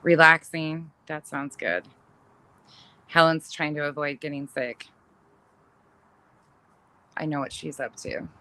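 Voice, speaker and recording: A middle-aged woman talks in a low but bright, forceful voice, chatting casually with viewers on a livestream. She laughs often and swears without a second thought, her talk loose and unscripted. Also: slow pace, pauses often. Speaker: livestream host reading viewer comments. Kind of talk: casual chat.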